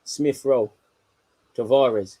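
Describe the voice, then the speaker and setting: A young man hosting a live football watchalong, talking in slang and swinging from low muttering to excited shouts. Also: very slow. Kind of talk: live match reaction commentary.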